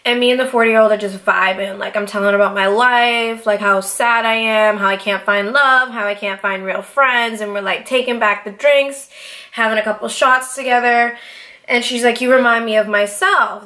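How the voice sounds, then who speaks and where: A woman in her late twenties from Boston, telling a story in a casual, animated way, swearing freely and acting out what people said. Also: fairly high pitch, moderate pace. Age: 20s. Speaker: vlogger.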